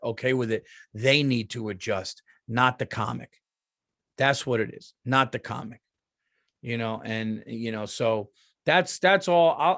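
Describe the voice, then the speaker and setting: A man's voice: medium pitch, fairly bright tone, no room sound, clean studio sound. A middle-aged man, a comedian hosting his podcast, ranting in a casual, profane monologue and often repeating himself.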